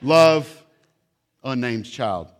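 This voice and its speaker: A man's voice: medium pitch, lively intonation, drawn-out words. A man voicing a young child reading a dramatic journal entry, whining and pleading about dessert. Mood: whiny. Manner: pleading, melodramatic sing-song.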